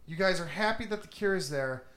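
Animated, swearing man recapping a movie. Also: sits high, fairly quick. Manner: animated, swears a lot, laughs while retelling. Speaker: podcast host. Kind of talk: casual movie recap chat.

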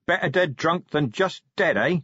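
A man's voice: a little high, lively intonation, moderate pace, a bit bright, breathy edge, no echo, highs cut off, pitched above the performer's own voice. A man reading an audiobook, voicing a weary, battered male city watch commander who is drowsy and giddy with exhaustion. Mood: exhausted.

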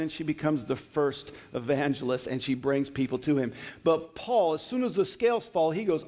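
Male preacher, slightly higher voice, relaxed conversational sermon, reads verses and acts out the stories. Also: normal speed, hardly any pauses, long reverb tail. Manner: conversational teaching with scripture readings and acted retellings.

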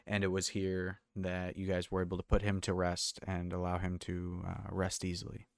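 A man narrating a tabletop game as game master, halting and full of fillers. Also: low-pitched, completely flat delivery, vocal fry, no room sound, studio quality.

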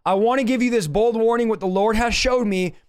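Urgent and emphatic, a pastor teaches scripture on a livestream set in his home office. His voice is strikingly high with a clean tone, and he keeps interrupting his hard-driven points with quick asides.

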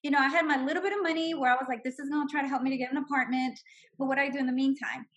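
A woman in her forties sharing an emotional personal testimony, telling it in a heartfelt, animated way. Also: high voice, rapid-fire, rough recording. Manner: heartfelt, animated storytelling with laughs. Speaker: guest sharing her story.

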